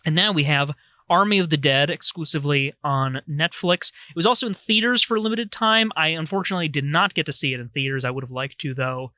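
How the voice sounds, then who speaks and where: A man's voice: fairly high pitch, a little fast, sharp tone, dry recording. A man co-hosting a podcast, reviewing a film in rambling casual chat with many restarts. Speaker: podcast co-host.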